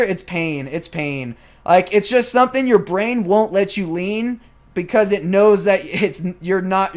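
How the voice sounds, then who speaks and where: Young male gymnast vlogger, high-pitched voice, casual and animated, replays his own remarks as he talks. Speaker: gymnast vlogger answering viewer questions. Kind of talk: casual vlog commentary over training footage.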